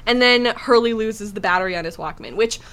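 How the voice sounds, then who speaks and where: A woman's voice: medium pitch, fairly quick, fairly bright tone. A woman hosting a casual podcast chat, talking in a chatty, enthusiastic way with lots of fillers. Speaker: podcast host.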